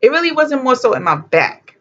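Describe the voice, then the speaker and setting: Animated woman telling a blunt story. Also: sits high, a little fast. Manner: animated, blunt, swears freely, acts out quotes. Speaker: vlogger. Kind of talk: casual storytelling to camera. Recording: dull lo-fi sound.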